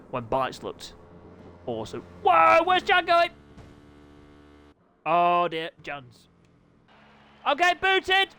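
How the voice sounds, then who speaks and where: A man hosts and commentates a racing game stream from his desk mic, joking with his riders. His voice sits high and leaps wildly, spiking into yelps when something happens on track. A faint background hiss runs under the recording. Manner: excitable, jokey, bursts into yelps and laughter. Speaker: race league host and streamer. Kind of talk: live race commentary and chat.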